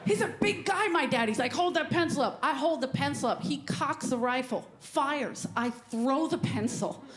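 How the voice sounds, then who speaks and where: A woman's voice: high-pitched, animated, normal speed. A woman comedian doing a brash, sarcastic stand-up set on a club stage. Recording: echoey club with crowd noise.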